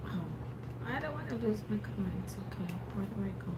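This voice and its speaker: A woman's voice: medium pitch, animated, brisk, very noisy. A woman co-hosting a casual livestream with a sore throat, chatting directly to viewers. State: sore throat, under the weather. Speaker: livestream co-host.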